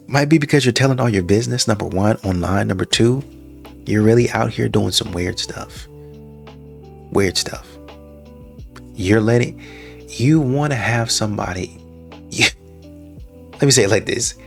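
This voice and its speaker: A man with a low, gravelly voice picks apart a clip in a dating commentary. He talks in mocking rhetorical questions, and soft music plays faintly underneath. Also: a little slow, long pauses. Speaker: reaction commentator.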